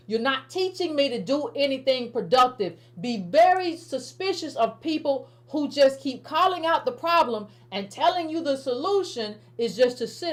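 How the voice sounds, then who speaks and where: A woman speaks, giving casual political commentary straight to her audience. She talks emphatically, repeating phrases and restarting her sentences as she drives each point home. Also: on the high side. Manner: emphatic, repetitive, stammering restarts, addresses viewers as family. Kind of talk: casual direct-to-camera commentary.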